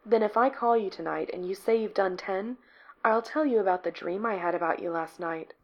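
A woman reading a story aloud and voicing a relaxed young woman performer who teases in a low-key, easygoing way. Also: brisk, dull audio, lightly acted. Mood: teasing. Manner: laid-back, low-key and teasing.

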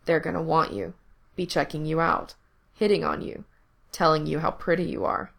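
A woman voicing a teasing, possessive young man in control, speaking low and murmuring close to the ear. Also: fairly even intonation, normal speed, gravelly, a bit bright. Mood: teasing, commanding.

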